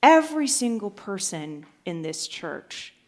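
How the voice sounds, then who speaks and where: A woman's voice: medium pitch, big pitch swings, measured pace. A woman pastor giving a sermon, telling a joke with acted-out voices and then preaching. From United States. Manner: storytelling, acts out voices in a joke.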